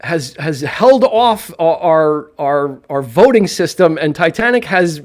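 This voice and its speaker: A man co-hosts a live film podcast in loose, rambling chat, often restarting his sentences and throwing in jokes. His voice sits a bit higher than most men's. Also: lively intonation, measured pace. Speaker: podcast co-host. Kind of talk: casual live-stream chat about films.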